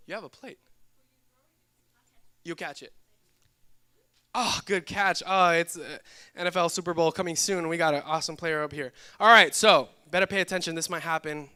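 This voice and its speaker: High-voiced, lively young male preacher. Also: clean tone. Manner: lively and joking, teasing the audience. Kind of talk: sermon. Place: church hall with live audience.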